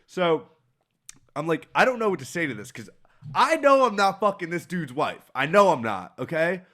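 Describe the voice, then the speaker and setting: A man's voice: on the high side, very animated, moderate pace, a bit bright. A young man co-hosting a podcast, telling a story in casual, profane chat and acting out the voices of people he quotes. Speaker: podcast co-host.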